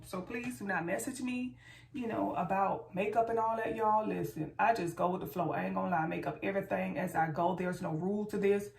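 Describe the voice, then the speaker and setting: Woman vlogger with a gravelly edge, gabbing playfully at viewers from far off in an echoey room. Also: mid-range voice. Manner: chatty and playful, keeps addressing viewers as y'all. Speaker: beauty vlogger. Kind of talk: casual get-ready-with-me chat. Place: room at home, camera set far back. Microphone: far camera mic. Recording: roomy, distant, faint background noise.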